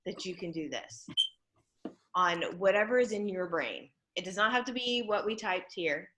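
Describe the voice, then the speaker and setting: A woman teaching a junior high class over a video call, upbeat and encouraging, playfully coaxing her students. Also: lively intonation, normal speed, pushed and bright, a little hiss or hum.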